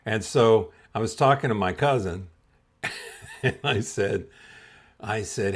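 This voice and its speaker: A man's voice: lowish voice, slow, pauses often. A man hosting a podcast and telling a comedic personal story, chuckling often as he goes. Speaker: podcast host.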